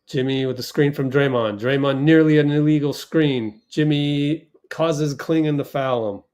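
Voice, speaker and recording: A man hosting a fan watch party stream, giving casual play-by-play, reacting loudly to plays and reading the chat aloud. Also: fairly high pitch, normal speed.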